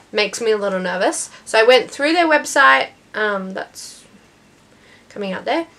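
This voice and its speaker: Hiccuping as she goes, a young Australian woman chats casually on her knitting podcast in a fairly high, fairly bright voice, wandering off track with lots of ums and restarts.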